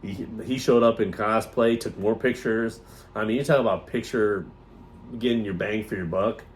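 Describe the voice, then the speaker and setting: A man's voice: lowish voice, moderate pace, a little hiss or hum. A man co-hosting a podcast, telling stories in a rambling casual chat and mimicking other people's voices as he goes. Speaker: podcast co-host.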